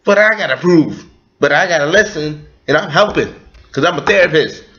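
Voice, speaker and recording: Man playing a foul-mouthed, fed-up therapist. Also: fairly high pitch. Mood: exasperated. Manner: profane, exasperated, slow and lively. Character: blunt, exasperated man posing as a therapist. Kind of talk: comedy sketch acting. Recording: lo-fi home video.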